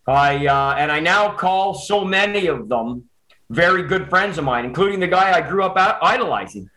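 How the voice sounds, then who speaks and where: A Canadian man telling a personal story in casual chat, animated and quick with restarts. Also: high-pitched, rough recording.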